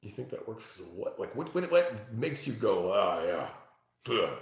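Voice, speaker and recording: Man, tarot reader live-streaming, lively swinging pitch, very echoey room, excitable. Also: normal speed, gravelly. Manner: excitable, swears freely, exclaims and laughs. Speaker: tarot reader livestreaming to chat. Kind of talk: casual live-stream chat. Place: at home, indoors.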